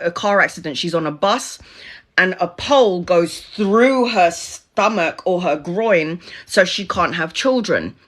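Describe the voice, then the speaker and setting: A woman's voice: medium pitch, fairly bright tone. A middle-aged woman telling a personal story to her viewers in a candid, chatty way, laughing often and swearing freely. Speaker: spiritual content creator.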